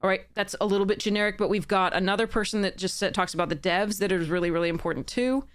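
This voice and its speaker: A woman's voice: medium pitch, quick pace, clear, resonant tone. A woman streamer reading a letter aloud and picking it apart in casual, heated commentary, sarcastic and swearing at times.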